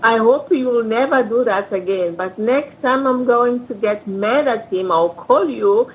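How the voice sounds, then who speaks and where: A woman's voice: a little high, unhurried, a little hiss or hum, rough recording. A woman with a Mozambican accent, a native Portuguese speaker, talking in a playful way with careful phrasing. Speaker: caller's wife.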